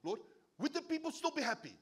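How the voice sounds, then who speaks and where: A man's voice: extremely high pitch, big pitch swings, fast talker, fairly bright tone, voice pushed up, exaggerated voice. Man playing a frantic, overwhelmed Moses. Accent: South African. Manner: frantic, pleading questions. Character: overwhelmed frantic male leader, exasperated.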